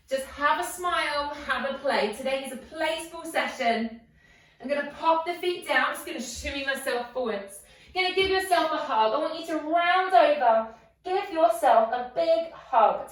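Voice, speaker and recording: A woman guiding a yoga class, encouraging and playful, asking coaxing questions. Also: sits high. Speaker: yoga instructor. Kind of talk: guided yoga class instruction. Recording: very echoey room, voice from a distance.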